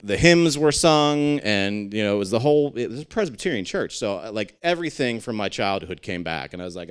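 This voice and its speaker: A man's voice: fairly low pitch, lively intonation, a little fast, few pauses, clean tone. A man in his thirties giving a candid, conversational personal testimony to a group of men, acting out the voices of the people in his story. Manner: candid and conversational, acts out quoted dialogue. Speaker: speaker sharing a personal testimony.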